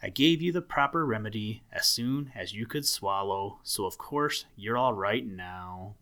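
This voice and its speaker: A man voicing a gruff, self-satisfied old male muskrat doctor in a storybook reading, speaking severely and bossily. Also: fairly low pitch, unhurried, bright, forceful tone. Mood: bossy. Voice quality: gruff, growling. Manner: severe and bossy.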